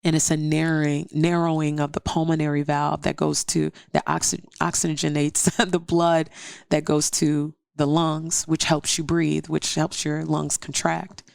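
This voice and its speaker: A woman's voice: deep voice, little pitch movement, a little slow, creaky, a little mellow, clear, resonant tone, dry recording, clean studio sound. A woman guest telling a personal story in an interview, earnest and step by step, acting out what others said. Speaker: podcast guest.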